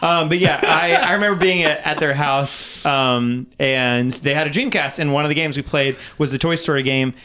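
A man's voice: on the high side, normal speed, hardly any pauses, pushed and bright, clear, resonant tone. A man in casual chat, easygoing, telling stories with light laughs.

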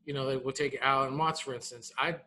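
A man in his thirties co-hosting a casual podcast, animated and repeating his words, tagging "man" onto his sentences. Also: mid-range voice, brisk. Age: 30s. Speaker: podcast co-host.

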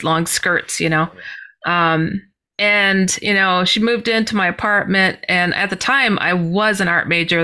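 A woman guest in an interview telling a story in an animated way, acting out the voices she quotes. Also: on the low side. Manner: animated, acts out quoted voices, many fillers. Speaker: podcast guest.

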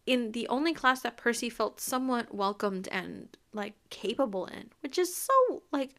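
A woman's voice: a little high, sing-song, moderate pace, fairly bright tone. A young woman hosting a podcast, talking casually and emphatically about a book, laughing often as she reacts. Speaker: podcast host.

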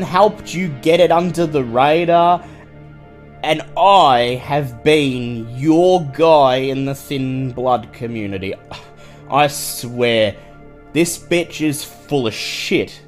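A man's voice: fairly high pitch, slow, faint music behind, voice pushed up. A man voicing a desperate male vampire lackey who pleads frantically and swears, in a tabletop game. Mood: pleading.

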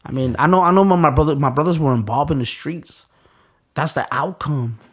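A man's voice: a little high, a little fast, fairly bright tone. A man from Chicago telling a personal story in an interview, with restarts and blunt, profane street talk. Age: adult. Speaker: interview guest.

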